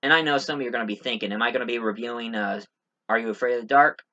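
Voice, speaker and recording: Guy rambling thru a movie review, bright voice, kinda dull lo-fi sound. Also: mid-range voice, racing. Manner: rambling, many fillers and restarts. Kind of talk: casual spoken movie review.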